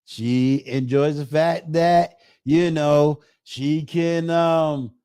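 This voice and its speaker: Brief: middle-aged male host, slightly high voice, relaxed and filler-heavy. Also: clean tone, dry recording, studio quality. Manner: relaxed, drawn-out phrasing with many fillers. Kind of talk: casual live-stream chat.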